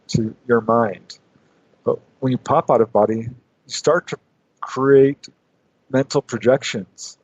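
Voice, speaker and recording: A man's voice: medium pitch, darkish tone, no echo, dull audio. A man talking as a guest on a radio interview, laughing often and acting out his own quotes.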